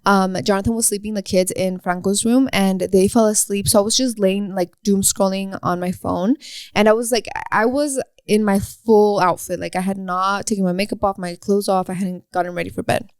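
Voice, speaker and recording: A woman co-hosting a podcast, telling a personal story in casual chat, animated and full of "like". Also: mid-range voice, moderate pace, clear, resonant tone, no room sound, studio quality. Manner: animated, heavy use of "like", breaks into laughter. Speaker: podcast co-host.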